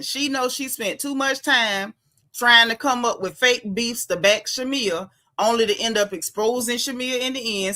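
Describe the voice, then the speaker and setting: A woman with a Southern US drawl hosts her livestream, chatting casually and sassily with her viewers. Her voice is bright and forceful, with a medium pitch, and she calls out commenters by name between opinions. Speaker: livestream host.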